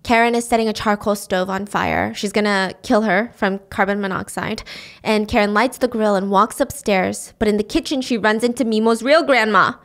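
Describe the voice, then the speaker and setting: A woman hosting a podcast casually recaps a thriller plot, retelling it with animation and voicing the quotes. Her mid-range voice runs at a normal speed with few pauses.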